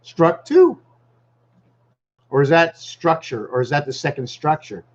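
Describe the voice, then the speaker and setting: Man, casual rambling vlogger at home, mid pitch, muffled lo-fi sound. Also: fairly quick. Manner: rambling, wandering, thinks aloud with restarts. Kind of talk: rambling casual vlog monologue.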